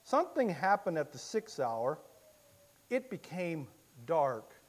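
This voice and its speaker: Man, preacher, sermon, slightly high voice, impassioned, hushed then loud cries. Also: big pitch swings, slow. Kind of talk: sermon with dramatic first-person storytelling.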